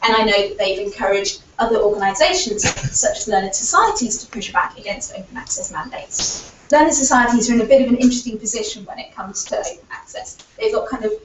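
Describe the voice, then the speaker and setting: A woman's voice: fairly high pitch, animated, a little fast, slight background noise. Woman presenting in an echoey hall. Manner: earnest, argumentative, frequent fillers like "kind of". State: recovering voice. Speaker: conference speaker. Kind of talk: conference presentation. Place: lecture hall. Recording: echoey hall, distant, dull lo-fi audio.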